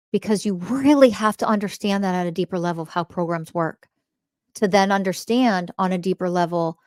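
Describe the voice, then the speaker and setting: A woman's voice: on the low side, a little mellow, no echo, clean studio sound. A woman podcast host teaching spirituality in a blunt monologue, swearing often and firing rhetorical questions, repeating key phrases for emphasis.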